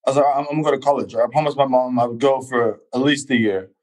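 A man's voice: mid-range voice, rapid-fire, low-quality recording. A man from England, in his thirties, telling his life story in a casual chat and acting out quoted voices. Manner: animated, acts out quoted voices. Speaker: guest athlete.

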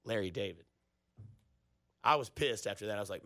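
A man's voice: fairly low pitch, a little fast, fairly bright tone, dry recording, clean studio sound. A man, hosting a sports radio show in a rambling, jokey storytelling way. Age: 30s. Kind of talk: casual radio talk.

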